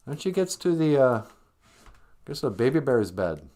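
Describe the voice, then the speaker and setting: A man's voice: mid-range voice, big pitch swings, normal speed, dark tone. A man hosting a podcast, telling a story in a jokey, rambling way with sing-song asides. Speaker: podcast host. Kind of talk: comedic storytelling.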